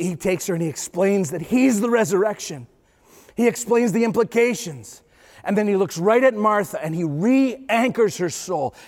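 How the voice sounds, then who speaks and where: A pastor preaching a sermon, building intensity through repeated phrases and dropping low for emphasis. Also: male voice, a little mellow. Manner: preaching with rising intensity and repetition.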